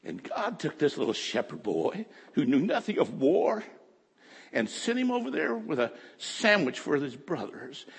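Fervent preacher. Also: male voice, on the high side, big pitch swings, unhurried, slightly rough. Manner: fervent, swings from quiet to shouting. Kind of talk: sermon. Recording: echoey hall.

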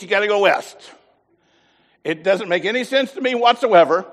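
A man preaching a sermon, telling a folksy story with lively voiced asides. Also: high voice, in a large hall. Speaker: pastor.

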